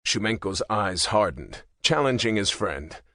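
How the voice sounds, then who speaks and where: A man reading a thriller audiobook in a measured storytelling voice. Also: lowish voice, very animated, pushed and bright, no room sound, clean studio sound. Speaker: audiobook narrator. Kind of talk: scripted narration.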